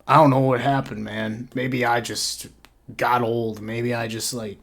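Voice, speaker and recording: A woman's voice: very deep voice, little pitch movement, unhurried, creaky. A woman hosting a reaction commentary channel, ranting crudely and sarcastically with a stream of insults. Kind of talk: profane reaction rant.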